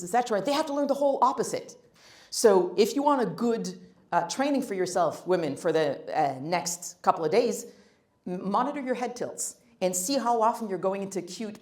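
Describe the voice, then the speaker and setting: A woman giving a blunt, emphatic workshop talk on first impressions, with joking asides to the audience. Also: mid-range voice. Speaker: guest speaker on first impressions. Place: meeting room. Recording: roomy room echo.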